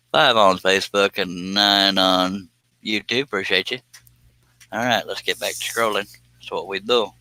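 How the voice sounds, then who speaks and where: Sharp-voiced joking man. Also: fairly low pitch, no echo. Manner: folksy, joking, self-deprecating. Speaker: woodworking live streamer. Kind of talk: casual live stream chat.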